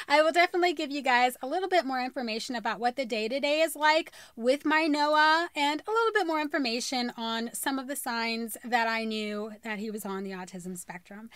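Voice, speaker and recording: Young woman, high bright voice, bubbly, laughs off her retakes, dry close sound. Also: brisk, hardly any pauses, no room sound. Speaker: vlogger. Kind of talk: casual vlog to camera with bloopers.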